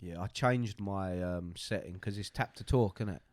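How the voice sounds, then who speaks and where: A man, co-hosting a casual podcast and chatting quickly about games. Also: sits low, darkish tone. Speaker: podcast co-host. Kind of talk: casual chat.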